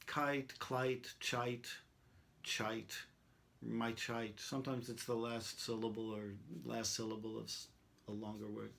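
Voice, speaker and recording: Slow-talking man teaching songwriting. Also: mid-range voice, flat delivery, gravelly, a bit bright. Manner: thinks aloud, trying rhymes and sung lines. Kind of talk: songwriting demonstration, talking and singing.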